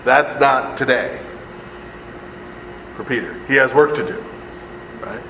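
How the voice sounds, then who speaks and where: A man teaches Bible study to a live group in a casual, joking way, acting out voices and checking in with "right?" after nearly every point. His voice is mid-pitched and lingers with a long reverb, as if he stands in a large hall. A low air-conditioning hum runs faintly underneath. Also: slow, pushed and bright. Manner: conversational, keeps asking "right?", jokes and acts out voices.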